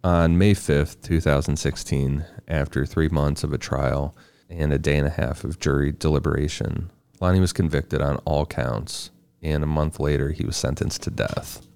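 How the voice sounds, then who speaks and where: A man's voice: extremely low pitch, fairly even intonation, normal speed, vocal fry, darkish tone, clear, resonant tone, no room sound. A man co-hosting a podcast, reading out researched facts in a casual tone and adding short asides. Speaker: podcast co-host presenting the research. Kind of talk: casual true-crime podcast narration.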